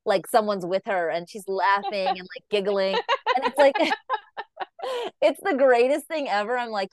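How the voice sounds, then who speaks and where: Woman host, relaxed, giggly, rambling chat, dry close sound. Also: mid-range voice, measured pace, no echo. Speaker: podcast host. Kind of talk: casual interview chat.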